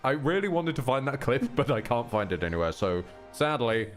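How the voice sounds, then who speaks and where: Lively, wry man streaming. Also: medium pitch, a little fast, soft background music. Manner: chatty, wry, self-mocking, thanks chat. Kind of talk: casual live-stream chat.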